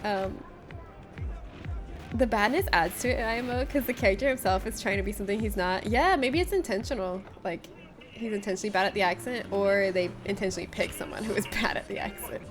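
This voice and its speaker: A woman's voice: mid-range voice, a little fast, faint music behind. A woman giving live gameplay commentary as a streamer, joking with her viewers in a playful, laughing way. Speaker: game streamer.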